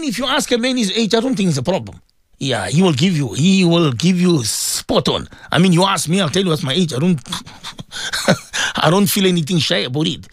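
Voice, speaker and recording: A chatty middle-aged man from South Africa hosts a radio show, reading listener messages and laughing along. His pitch sits a bit high and swings widely as he talks. The studio sound is close and dry. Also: dry recording. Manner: chatty, affectionate, laughs often. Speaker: radio presenter.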